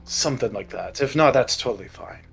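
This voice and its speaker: A man speaking as a player in a tabletop game, relaxed and a little hesitant. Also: medium pitch, brisk, vocal fry, soft background music. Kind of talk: casual chat during a tabletop game.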